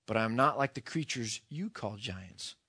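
A man voicing a vast, calm male lion who speaks slowly and gravely in a deep voice. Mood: solemn. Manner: slow, grave and gentle.

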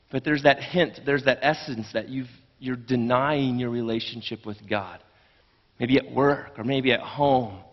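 A man's voice: mid-range voice, big-room sound, muffled recording. A man preaching a sermon in an earnest, conversational way, often restarting his phrases. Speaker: pastor.

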